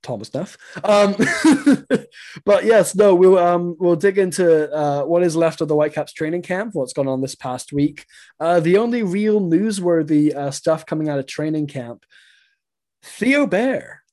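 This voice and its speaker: A man's voice: on the high side, normal speed, warm tone. Chatty chuckling man from England. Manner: rambling, chuckling, lots of fillers. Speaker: podcast co-host. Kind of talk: casual soccer podcast chat. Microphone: video call.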